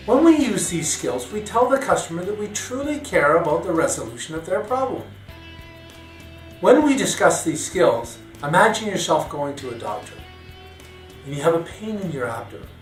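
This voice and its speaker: A man narrating a customer service training course in a clear, measured way. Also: fairly high pitch, very animated, reverberant, far from the mic, soft background music, low-quality recording.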